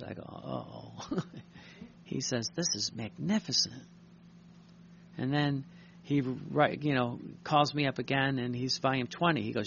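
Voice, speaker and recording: Gravelly priest preaching earnestly. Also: male voice, medium pitch, a bit bright, highs cut off, slight background noise. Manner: earnest, repeats words, reads aloud slowly then tells stories. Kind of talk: sermon reading and commenting on a devotional text.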